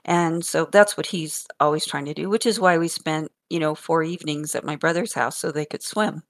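Speaking at a moderate pace with a voice that sits low, an older woman swaps funny tales of her grandkids in easygoing conversation. Her delivery is lively, full of laughter and repeated words.

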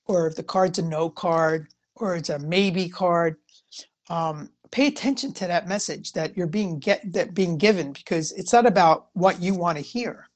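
A woman's voice: lowish voice, moderate pace. A woman giving a casual, rambling spiritual talk about tarot readings, full of "you know" fillers. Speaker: tarot reader.

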